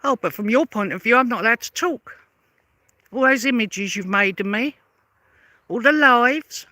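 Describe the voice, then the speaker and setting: A woman rants straight at her detractors in a vlog, sarcastic and combative, hammering the same questions again and again. Her voice is sharp and tense, and the recording is dry and close with no room sound. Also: a little high, dry recording. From London. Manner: confrontational, sarcastic, repeats pointed questions. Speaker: vlogger. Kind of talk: angry rebuttal rant to camera.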